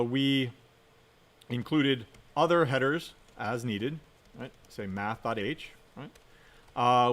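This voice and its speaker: A man giving a programming lecture while he codes live. He keeps things conversational and checks in with a quick "right?" after most points. He drives warnings home by repeating them several times. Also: mid-range voice, a bit bright. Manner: conversational, often adds "right?" as a tag question; emphatic, repeats key warnings. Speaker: university instructor.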